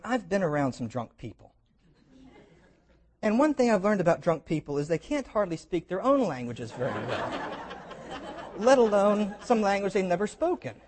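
A man preaching a sermon, retelling scripture as lively stories with jokes and invitations to imagine. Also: high voice. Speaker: pastor.

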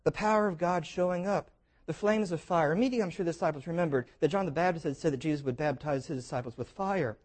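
A man preaching a sermon, retelling scripture as lively stories with jokes and invitations to imagine. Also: on the high side, quick pace. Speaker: pastor.

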